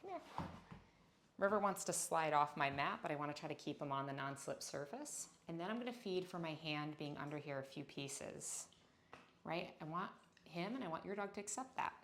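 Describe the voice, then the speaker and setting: A woman teaching a dog yoga class, speaking gently and encouragingly, with frequent praise for her dog. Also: deep voice, animated, fairly quick, a little hiss or hum. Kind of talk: instructional class talk. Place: indoors on a yoga mat.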